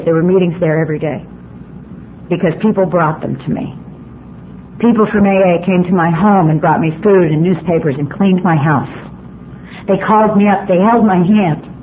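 A woman giving a personal recovery talk to a meeting room, blunt, profane and emphatic, with self-mocking humor. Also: mid-range voice. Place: meeting room before an audience. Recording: tinny lo-fi recording with faint hiss.

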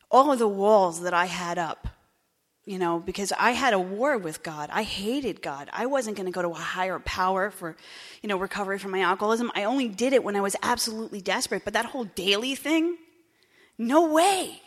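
A woman with a New Jersey accent candidly telling her recovery story, wry, moving between hushed and animated. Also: mid-range voice. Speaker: speaker sharing her story. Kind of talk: personal recovery talk. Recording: echoey hall.

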